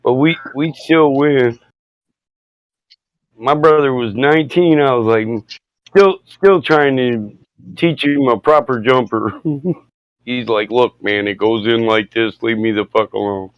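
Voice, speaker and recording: A man chatting casually on a podcast, telling rowdy stories, swearing often and acting out quoted people loudly. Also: mid-range voice, measured pace, pauses often, no echo, lo-fi sound. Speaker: podcast host. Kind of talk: casual chat, storytelling.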